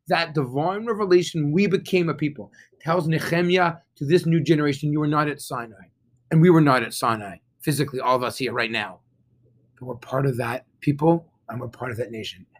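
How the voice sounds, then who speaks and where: A man, a rabbi, giving an animated sermon outdoors, often asking his listeners questions. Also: on the high side.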